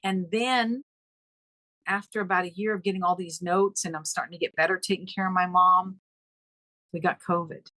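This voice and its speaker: Low-voiced woman telling an emotional story. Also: moderate pace, dry recording, low-quality recording. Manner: animated, acts out quoted dialogue with pitch leaps. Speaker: podcast guest.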